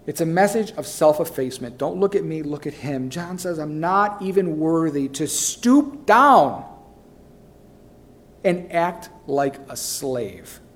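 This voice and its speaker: A man preaching a sermon as pastor, repeating key phrases and swinging between soft low asides and loud rising calls. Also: lively intonation, slow pace.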